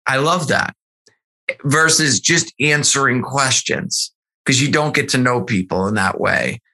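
A man who is a sales executive guest, telling stories in a podcast interview in an earnest, animated way with many restarts. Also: mid-range voice, measured pace, vocal fry.

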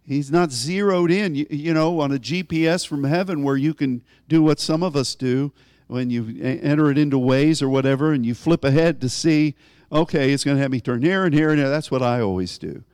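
A man preaching a conversational sermon, often rising in pitch for emphasis as he explains a scripture. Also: fairly quick, darkish tone, clear, resonant tone, dry recording, clean studio sound.

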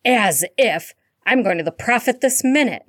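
A woman reading a story aloud and voicing a hot-tempered grown man who shouts in outrage to protect his godson. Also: on the high side, lively intonation, moderate pace, dry recording, clean studio sound, pitched above the performer's own voice. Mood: outraged. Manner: shouting in outrage, loud and heated.

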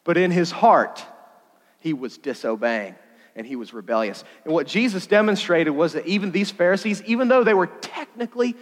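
A man giving a sermon to a young crowd, animated and jokey, with sudden loud bursts of emphasis. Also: sits high, normal speed. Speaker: youth pastor. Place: church hall. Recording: long hall reverb.

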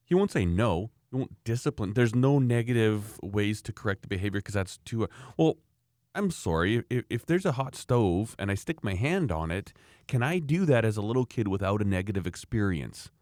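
A man's voice: on the low side, expressive, normal speed, a little mellow, no echo, clean studio sound. A man from Canada talking casually about raising children, emphatic and rambling, often restarting his sentences. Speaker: parent sharing views. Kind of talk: casual opinionated chat.

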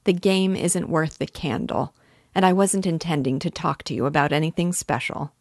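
A woman reading the lines of a sly, urbane middle-aged man who talks in a smooth, teasing, unhurried way. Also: low voice, a little mellow, no room sound, studio quality.

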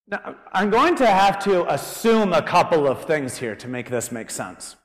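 A man preaching a conversational sermon as pastor, animated and joking as he thinks aloud. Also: high voice, unhurried, hardly any pauses. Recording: long reverb of a large hall.

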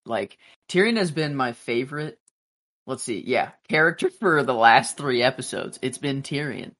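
Guy on a podcast, bright forward voice, rambles with lots of likes and restarts. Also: medium pitch, animated. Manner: rambling, halting, full of fillers and restarts. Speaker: podcast co-host reacting to a TV episode. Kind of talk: casual chat.

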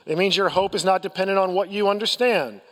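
A man's voice: high-pitched, quick pace, big-room sound. An American man preaching a sermon as pastor, telling a personal story candidly with self-deprecating humor and frequent restarts.

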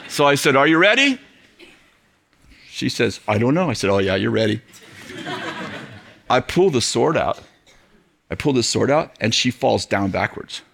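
Bright animated male preacher. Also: mid-range voice, creaky. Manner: animated, acts out quoted voices, laughs often. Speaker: pastor. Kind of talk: storytelling sermon. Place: church auditorium with audience.

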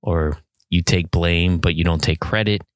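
A man giving a talk to an audience, reading excerpts from a book and listing points in a measured way with small fillers. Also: low-pitched, fairly even intonation, no room sound.

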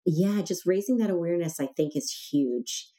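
A woman guest on a podcast, talking candidly and telling animated personal stories in casual conversation. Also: lowish voice, normal speed.

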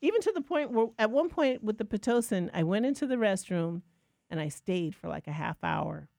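A woman co-hosting a podcast, telling a lively personal story in a casual, self-mocking way. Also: mid-range voice, moderate pace, vocal fry, dry recording, studio quality. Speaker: podcast co-host.

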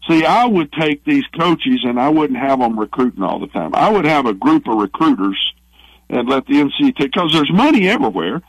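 A man's voice: medium pitch, very animated, brisk, gravelly, dry recording, poor audio. Folksy Southern older sports man, opinionated and rambling, dry close sound. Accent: Southern American. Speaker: guest, former athletic director. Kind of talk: phone-in guest interview.

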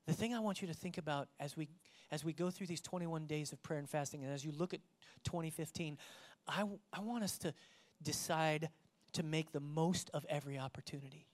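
In a fairly quick, mid-range voice, a dynamic pastor gives a sermon in church before a live congregation. He draws people in with direct questions while his preaching moves from loud emphasis down to hushed tones.

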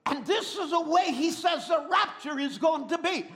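A middle-aged man preaching a sermon, telling stories dramatically and swinging from a hush to a shout. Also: very high voice, moderate pace. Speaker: pastor.

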